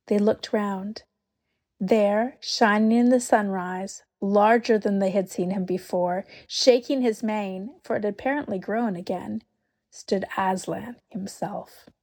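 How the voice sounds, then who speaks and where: Slow, breathy woman reading a storybook. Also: mid-range voice. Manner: unhurried, expressive, often dropping to a whisper. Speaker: narrator.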